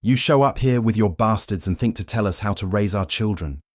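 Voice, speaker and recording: A man voicing a spiteful woman from a werewolf pack who speaks in a shrill, loud, sneering way. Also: lively intonation, normal speed, dry recording, clean studio sound.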